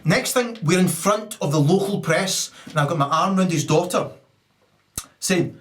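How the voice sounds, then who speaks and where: A Scottish man delivering a profane stand-up rant, swinging between muttered asides and loud outbursts. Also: high voice, measured pace. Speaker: stand-up comedian.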